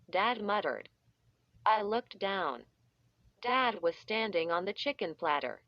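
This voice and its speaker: Slow, deliberate woman reading a story aloud. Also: medium pitch, very animated, no room sound. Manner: deliberate, acting out sound effects. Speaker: audiobook reader. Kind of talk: scripted storybook narration. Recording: dull, slightly muffled audio.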